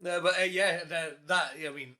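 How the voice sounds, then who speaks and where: A man's voice: sits high, steady tone, normal speed, sharp tone. A young man, hosting a casual podcast chat, teasing his guest and laughing often. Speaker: podcast host.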